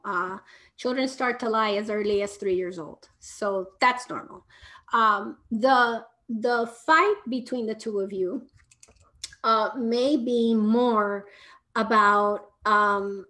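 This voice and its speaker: A woman who is a parenting educator, explaining in a live question-and-answer talk and often checking in with "right?", sometimes in a soft, soothing tone. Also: medium pitch, slow pace.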